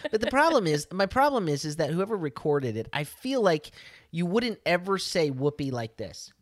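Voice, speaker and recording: A man's voice: on the high side, very animated, moderate pace, no echo, studio quality. A man co-hosting a casual podcast chat, wry and joking. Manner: wry, joking, acts out silly voices. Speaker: podcast co-host.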